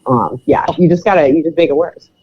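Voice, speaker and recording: A woman with a low-pitched speaking voice, co-hosting a sports podcast. She jokes dryly and sarcastically. Her delivery is loose and filler-heavy in an easy conversational flow. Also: a little fast, lo-fi sound. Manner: joking, sarcastic, many fillers. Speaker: podcast co-host. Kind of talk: casual chat.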